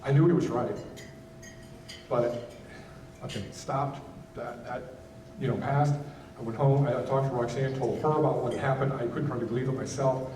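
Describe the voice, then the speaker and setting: Keynote speaker, male, mellow voice, halting and candid, picked up from a distance in a roomy hall. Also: mid-range voice, fairly even intonation, slight background noise. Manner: halting, candid, many restarts. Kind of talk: personal testimony speech. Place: gala event hall.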